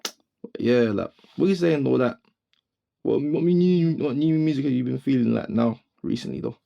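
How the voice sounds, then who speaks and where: Brief: young guy, gravelly and dark-toned, slangy rambling podcast chat in a studio. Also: medium pitch, muffled recording. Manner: slangy, rambling, quick restarts. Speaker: podcast co-host. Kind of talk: casual chat.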